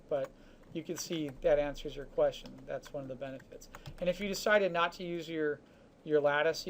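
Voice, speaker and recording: A man teaching a 3D modeling class, talking casually through each step of a software demonstration with chatty asides. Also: a little high, slight background noise. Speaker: 3D modeling instructor. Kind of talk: live software demonstration lesson.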